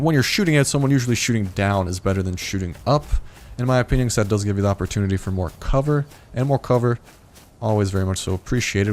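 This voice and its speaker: A man with a somewhat low voice talks through his gameplay as a video host. His delivery is chatty and meandering, with "like" peppered throughout. A faint ambient hum sits underneath. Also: a little mellow. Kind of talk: casual gameplay commentary.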